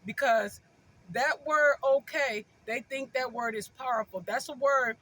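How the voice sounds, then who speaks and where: A woman talking straight to her viewers in a casual advice vlog, with a high, bright voice. She hammers each point home, repeating short phrases over and over. Her tone is informal and conversational throughout. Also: unhurried. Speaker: vlogger giving relationship advice.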